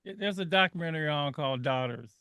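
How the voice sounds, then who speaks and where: Older man, radio talk host, high bright voice, dry close sound, earnest emotional storytelling. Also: fast, smooth, no room sound.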